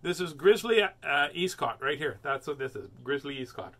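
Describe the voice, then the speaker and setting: An older man reads picture books aloud to a live audience, joking and chatting between pages. His voice sits fairly high and rings bright, swinging up and down with lively expression. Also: normal speed. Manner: playful, chatty, easily amused. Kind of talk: live read-aloud stream.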